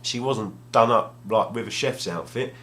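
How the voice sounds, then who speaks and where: At home at a table, a gaming vlogger shares a casual, self-deprecating story that rambles and restarts a lot. The young man has a medium-pitched, slightly bright voice at normal speed.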